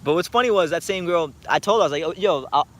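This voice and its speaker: A man's voice: high voice, expressive, rapid-fire. A young man from South Florida, talking boxing in a blunt, profane, joking late-night vlog chat. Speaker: boxing YouTuber.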